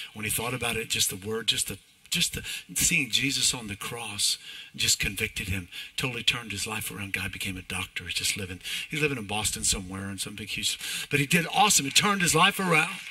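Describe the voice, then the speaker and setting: A male pastor preaching a sermon in church, animated and emphatic, often restarting his phrases. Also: lowish voice, slightly rough, low-quality recording.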